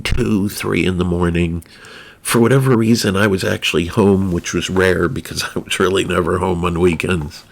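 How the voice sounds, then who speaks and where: A man with a low, gravelly voice telling a personal story at an unhurried, drawn-out pace. He rambles wryly, trailing off into asides before picking the thread back up. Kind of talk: casual storytelling.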